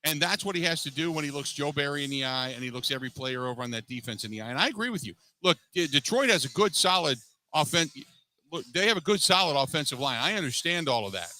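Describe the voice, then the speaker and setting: A man's voice: on the high side, expressive, quick pace, pushed and bright, no room sound, poor audio. A man hosting a post-game sports call-in show, emphatic, repeating himself with frequent restarts. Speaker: sports radio host.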